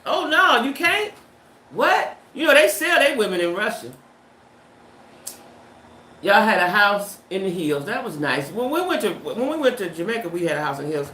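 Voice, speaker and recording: A woman's voice: medium pitch, sing-song, normal speed, a bit bright, roomy sound, a little hiss or hum. A woman hosting a livestream in casual, emphatic chat, firing off rhetorical questions and slang. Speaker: livestream host. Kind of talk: casual chat reading viewer comments.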